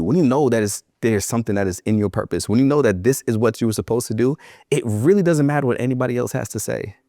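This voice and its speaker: Low-voiced man giving a motivational keynote. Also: creaky, dark tone, no echo, studio quality. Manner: emphatic, repeats phrases for effect; tells personal stories with humor. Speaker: keynote speaker for educators.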